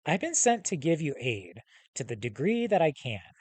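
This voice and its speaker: A man voicing a huge, scarred male hellhound with a calm, commanding manner and measured, formal speech. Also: fairly high pitch, husky, no echo. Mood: formal, assured. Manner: measured, formal speech with slow, stressed titles.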